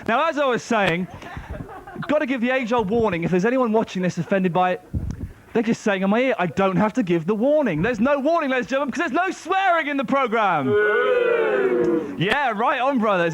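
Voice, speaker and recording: High-voiced shouting male comedy host. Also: lively intonation, fairly quick. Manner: loud, teasing audience banter. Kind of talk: stand-up compere. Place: comedy club stage. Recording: noisy TV broadcast recording.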